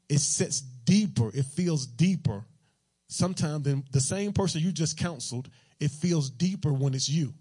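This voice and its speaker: A man's voice: on the high side, moderate pace, mellow, slightly rough. A man preaching a sermon in a loose, conversational, joking way, full of everyday slang.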